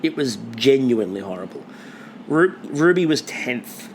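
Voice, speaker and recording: A man co-hosts a casual podcast chat and swears freely as he goes. His pitch swings widely from line to line. A faint hiss sits under the recording. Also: moderate pace. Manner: animated, swears freely, lists things off. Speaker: podcast co-host.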